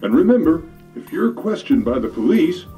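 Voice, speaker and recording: A man's voice: a little high, sing-song, normal speed, warm tone, recorded from a distance, soft background music. Man doing a slangy instructional tape voice. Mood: mock-instructional. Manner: slangy, mock-instructional, crude. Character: smooth-talking male pimp-course instructor on tape.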